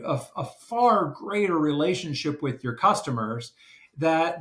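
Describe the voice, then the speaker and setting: A man hosting a podcast who explains business strategy in a measured, deliberate way. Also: a little high, a bit bright. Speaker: podcast host. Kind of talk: casual business discussion. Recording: roomy echo.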